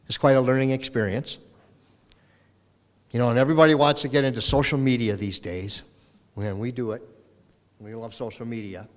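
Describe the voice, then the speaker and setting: Middle-aged mayor from minnesota, folksy farewell speech, chamber echo trailing off. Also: male voice, mid-range voice. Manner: folksy storytelling, acts out voices in anecdotes. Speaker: retiring mayor. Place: council chamber in city hall. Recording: long reverb of a council chamber.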